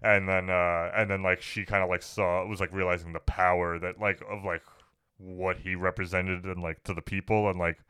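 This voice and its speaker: Man, bright tone, smooth and clear, dry close sound, lively casual movie chat. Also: low-pitched, moderate pace, dry recording. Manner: animated, swears, acts out quotes in funny voices. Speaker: podcast co-host.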